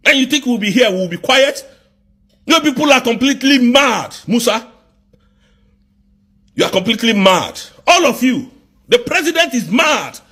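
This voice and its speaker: A man with a Nigerian accent in an angry live rant, firing off accusing rhetorical questions and sometimes shouting. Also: extremely high pitch, sing-song, moderate pace, long pauses, slightly rough. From southeast Nigeria.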